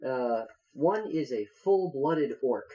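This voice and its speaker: Mellow man running a tabletop game. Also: medium pitch, lively intonation, lo-fi sound. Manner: halting, many fillers. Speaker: game master.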